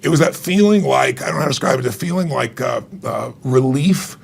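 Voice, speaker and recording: A middle-aged man, an author being interviewed, telling an emotional story with animated retold dialogue and frequent laughs. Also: medium pitch, fairly quick, vocal fry, husky. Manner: animated, acts out quoted dialogue, laughs often. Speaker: author and guest.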